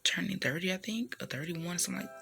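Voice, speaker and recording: Earnest gravelly-voiced woman in her thirties. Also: lowish voice, animated, fast, bright, forceful tone, soft background music. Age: 30s. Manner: earnest and emotional, with frequent "you know" fillers. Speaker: speaker sharing a personal testimony. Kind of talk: heartfelt personal testimony.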